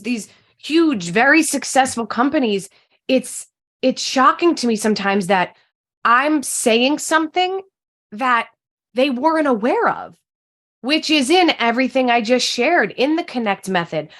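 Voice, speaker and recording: A woman with a fairly high voice speaks with passion and emphasis. She sounds like a communication coach making her case in an interview conversation. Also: expressive, a little slow, a bit bright.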